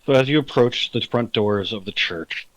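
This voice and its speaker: Man, dungeon master voice, slow and deliberate scene-setting, dead-dry home mic. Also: lowish voice, a bit bright, dry recording, poor audio. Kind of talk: narrating a tabletop game.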